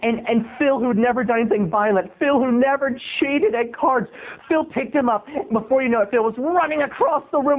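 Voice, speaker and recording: High-voiced man rambling through a tinny line. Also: normal speed. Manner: rambling, stammering restarts, sudden loud outbursts. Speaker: comedy show host. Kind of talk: comic storytelling monologue. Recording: tinny phone-like lo-fi audio.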